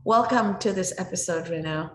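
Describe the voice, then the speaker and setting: A woman's voice: lowish voice, moderate pace, reverberant, poor audio. A woman hosting a podcast, introducing her guest with effusive enthusiasm. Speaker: podcast host. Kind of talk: interview introduction.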